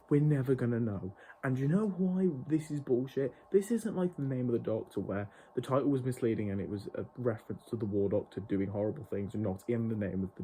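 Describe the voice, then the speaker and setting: A man's voice: medium pitch, mellow, a little hiss or hum. A man reviewing a TV show in an exasperated, profane rant. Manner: exasperated, heavily profane ranting. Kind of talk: ranting review vlog.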